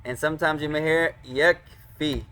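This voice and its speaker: A man teaching an online class, patient and slow, pausing often and correcting students. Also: on the high side, fairly even intonation, pushed and bright, clean tone. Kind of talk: online Arabic and hadith class. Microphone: computer microphone.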